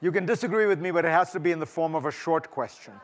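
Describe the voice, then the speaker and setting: Middle-aged guy giving a talk in a big hall, slightly high voice, thinks out loud with lots of restarts. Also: quick pace, a little hiss or hum. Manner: thoughtful, with frequent restarts and fillers. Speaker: speaker. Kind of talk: festival talk and Q&A. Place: large lecture hall.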